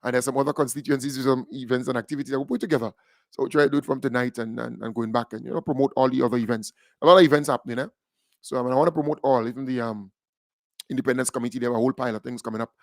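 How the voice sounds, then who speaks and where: A Grenadian man hosting a call-in radio show, talking in a lively, joking way with Caribbean creole phrasing. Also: mid-range voice, very fast, no echo, clean studio sound. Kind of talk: casual radio talk with a caller.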